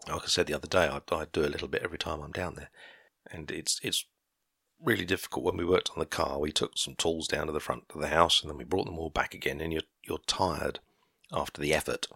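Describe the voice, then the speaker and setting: A man in his fifties chatting on his own and drifting from one tangent to the next. His voice is very low and husky, with a bright, forceful edge. The sound is dry and close, with no echo. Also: fairly even intonation, quick pace. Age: 50s. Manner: rambling, easily sidetracked, chuckling at himself. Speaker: podcaster. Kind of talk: casual solo monologue. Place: garden shed workshop.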